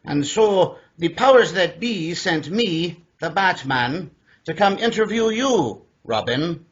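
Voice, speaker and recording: A man with a husky voice playing a formal, mock-solemn male visitor from the stars, recorded in dull lo-fi. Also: high-pitched, expressive, slow pace, heavily acted.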